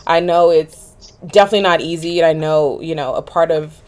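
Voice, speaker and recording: Lower-voiced woman podcast host. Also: fairly quick. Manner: warm, affirming, laughs along. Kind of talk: podcast interview.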